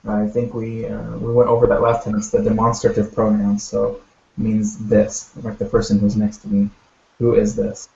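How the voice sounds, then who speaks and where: A man teaching a language class, explaining words step by step in a patient way, with many pauses and fillers. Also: lowish voice, completely flat delivery, gravelly, darkish tone. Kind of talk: online language lesson. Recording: echoey, dull audio.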